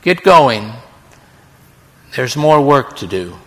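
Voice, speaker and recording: A man voicing a calm, direct divine voice. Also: mid-range voice, slow, pitched below the performer's own voice. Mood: commanding. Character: calm commanding divine voice, male. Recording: long reverb in a large hall.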